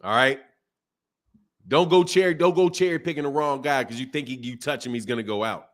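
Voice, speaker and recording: A man's voice: medium pitch, brisk, fairly bright tone. A man hosting a boxing channel, casually chatting on a live stream and reading viewer comments, repeating phrases as he goes.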